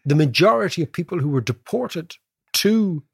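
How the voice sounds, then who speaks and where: A man co-hosting an economics podcast, telling stories in an animated conversational way. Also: fairly high pitch, moderate pace, creaky, husky, no room sound, clean studio sound. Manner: animated, storytelling, frequent tag "right?".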